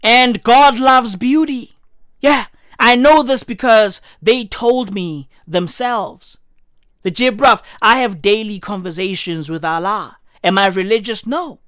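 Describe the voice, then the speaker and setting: A woman's voice: a little high, takes it slowly, a bit bright, no room sound, clean studio sound. A woman in her thirties hosting a podcast, gushing in a profane, slang-heavy comic monologue. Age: 30s. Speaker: podcast host.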